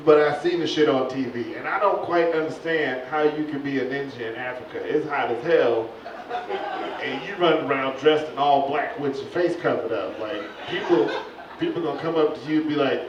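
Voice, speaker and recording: Brief: male stand-up comic, fairly high voice, recorded from afar in a roomy club, lo-fi, with laughter and noise behind. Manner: animated, voice jumping high for punchlines. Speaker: stand-up comedian. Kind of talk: stand-up comedy set. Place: comedy club stage. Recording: echoey club, far-off lo-fi recording.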